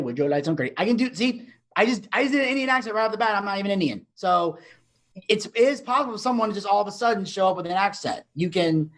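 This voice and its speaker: A man co-hosting a casual podcast, his voice sitting a little high. He talks in long, chatty stretches with frequent restarts as he lays out his opinions. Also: fairly bright tone. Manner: chatty, explains at length with many restarts. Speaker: co-host.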